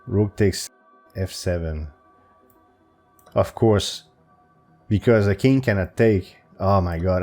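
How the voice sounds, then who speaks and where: Taking it slowly with frequent pauses, a chess video maker reasons aloud over puzzles for his channel. He's hesitant, keeps restarting, and his pitch jumps as he talks to himself in a darkish voice, with faint music in the background.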